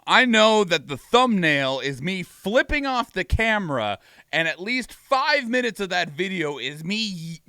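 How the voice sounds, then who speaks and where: A man hosting a reaction video, talking casually with an animated, ranting, swearing manner. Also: a little high, dry recording, studio quality.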